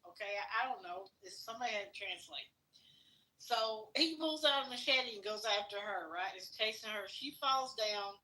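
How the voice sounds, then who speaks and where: A woman's voice: medium pitch, normal speed, pushed and bright, poor audio. A woman on a podcast, bluntly retelling a news story with her own asides. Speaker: podcast co-host. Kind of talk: casual storytelling.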